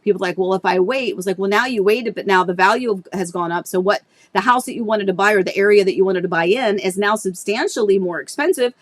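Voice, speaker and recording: A woman's voice: mid-range voice, fast talker, few pauses, no echo. A woman real estate agent chatting casually on a live stream, rambling with many restarts. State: tearful at times. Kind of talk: casual livestream chat.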